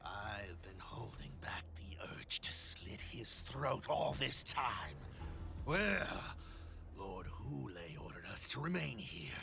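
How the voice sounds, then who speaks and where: An actor playing a sly wolf-man warrior villain in a video game, taunting in a gravelly drawl. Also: mid-range voice, sing-song, noisy background, heavily acted. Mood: menacing taunt. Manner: taunting, slow and menacing with sudden swoops. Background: game music.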